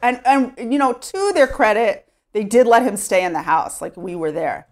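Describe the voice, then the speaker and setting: Speaking at a normal speed in a slightly high, animated voice, a woman from Sherman, Texas, shares stories about her life at home as an interview guest. Her manner is chatty, crowded with "like" fillers, in a casual storytelling format.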